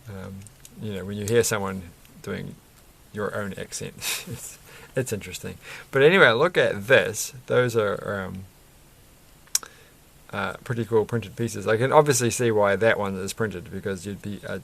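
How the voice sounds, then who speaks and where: A man's voice: fairly low pitch, moderate pace, gravelly, a bit bright. A man chatting casually and rambling while building a Lego set, often chuckling and correcting himself.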